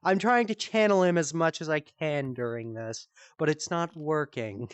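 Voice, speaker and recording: A woman hosting a comedy stream, telling a story in casual, animated style, swearing freely and jumping high for quoted voices. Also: moderate pace, clean tone, no room sound. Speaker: comedy show host. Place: virtual-world live stream.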